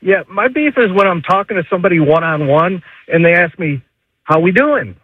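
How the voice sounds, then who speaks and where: High-voiced male caller on a phone line. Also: expressive, moderate pace, husky, dry recording. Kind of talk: phone-in rant.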